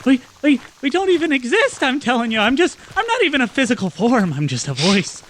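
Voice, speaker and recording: A man's voice: very high-pitched, huge pitch swings, brisk, fairly bright tone, slight background noise, pitched above the performer's own voice, heavily acted. A man voicing a frantic, rambling male halfling prisoner who stammers and pleads. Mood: ranting.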